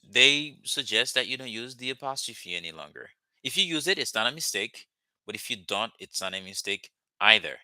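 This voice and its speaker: Man teaching in bright voice. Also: medium pitch, dry recording. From Haiti. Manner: explains slowly with frequent "okay?" checks and restarts. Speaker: language teacher. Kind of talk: casual language lesson.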